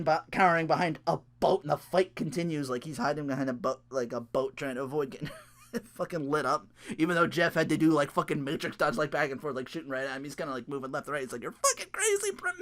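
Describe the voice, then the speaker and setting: A man's voice: mid-range voice, fairly bright tone. A young man recapping a wrestling match in a casual, rambling way, swearing often, laughing a lot and trailing off mid-thought. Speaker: wrestling reaction vlogger.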